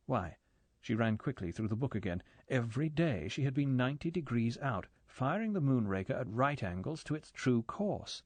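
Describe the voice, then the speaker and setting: A man narrating a spy thriller audiobook in a measured, steady storytelling voice. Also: mid-range voice, no room sound. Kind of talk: scripted narration.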